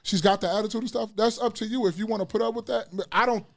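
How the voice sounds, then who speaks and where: A man's voice: high voice, fairly even intonation, fast, gravelly. A middle-aged man as a podcast guest in casual chat, blunt and profane, telling stories animatedly.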